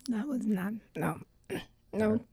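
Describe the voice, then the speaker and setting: A woman's voice: mid-range voice, lively intonation, slow, gravelly, mellow, husky. A woman from Saint Lucia, a guest on a podcast, chatting casually and laughing often as she acts out little scenes. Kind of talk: casual chat.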